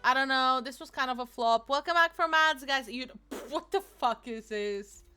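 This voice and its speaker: A woman's voice: high voice, normal speed, pushed and bright, clear, resonant tone, soft background music. A woman streaming a video game, chatting casually and swearing often. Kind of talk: casual gaming stream chat.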